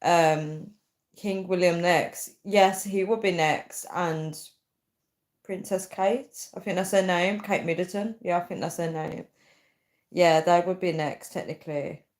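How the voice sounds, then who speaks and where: A young woman hosting a casual live stream, reading viewer comments aloud and thinking out loud with many fillers. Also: on the low side, steady tone, measured pace. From United Kingdom. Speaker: livestream host.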